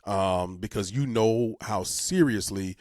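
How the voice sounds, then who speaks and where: A man's voice: on the low side, slow pace, a little mellow, no echo, clean studio sound. A man co-hosting a community talk show, explaining civics in an emphatic, folksy way and repeating words for emphasis. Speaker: co-host. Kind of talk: talk radio civics segment.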